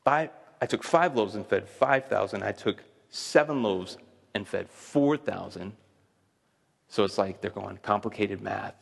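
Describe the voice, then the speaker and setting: A man's voice: on the low side, vocal fry. A man preaching a sermon as pastor, conversational and asking his audience questions. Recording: long reverb of a large hall.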